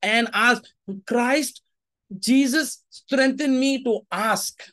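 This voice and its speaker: A male pastor preaching in a relaxed, conversational way, slipping into Hindi now and then. His voice sits high for a man. The sound is dry and close, with little room echo. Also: extremely slow. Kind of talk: sermon.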